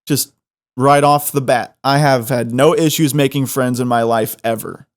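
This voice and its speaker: A young man hosting a podcast, telling a funny story in an animated, self-mocking way. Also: mid-range voice, normal speed. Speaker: podcast host. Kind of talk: comedic storytelling.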